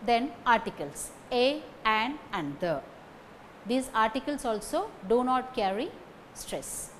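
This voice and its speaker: A woman giving a recorded lecture on phonetics, speaking deliberately, repeating example sentences and checking in with "okay" between points. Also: fairly high pitch, very animated, fairly bright tone, slight background noise, poor audio.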